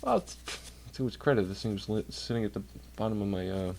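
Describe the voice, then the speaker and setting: A man's voice: lowish voice, fairly quick, darkish tone, slight background noise. A man chatting casually on a livestream from home, rambling and swearing while doing chores. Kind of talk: casual rambling stream chat. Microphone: computer mic while streaming.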